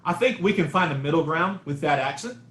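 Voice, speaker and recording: A man coaching a bass student online in a loose, searching way, often repeating words as he thinks. His voice sits high, and the call picks up a roomy echo with bass notes now and then. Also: expressive, a little fast, a bit bright. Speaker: bass teacher. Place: home room on a video call. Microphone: video call mic. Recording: echoey room over a video call.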